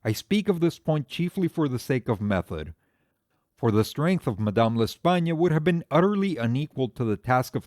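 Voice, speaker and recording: A composed amateur detective, as a male reader voices him lays out his case in measured, lecturing tones. His pitch moves freely as he argues, and the recording is close and dry. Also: darkish tone, dry recording, close to an everyday voice. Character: calm, methodical amateur detective, adult man. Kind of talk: audiobook character reading.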